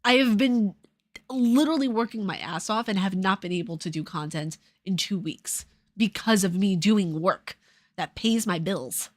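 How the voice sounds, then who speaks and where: Sarcastic New York-New Jersey woman streamer. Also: mid-range voice. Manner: sarcastic, profane, quick swings between loud and muttered. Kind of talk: casual livestream chat.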